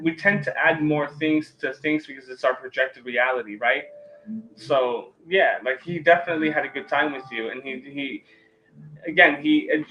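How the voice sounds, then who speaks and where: A man's voice: on the high side, pushed and bright, a little hiss or hum, low-quality recording. A man hosting a live-stream tarot reading, talking loosely with many fillers and restarts.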